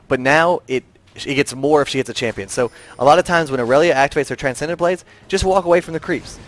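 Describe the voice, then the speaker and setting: A tired man giving play-by-play esports commentary, getting excitable and high in big plays. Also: quick pace.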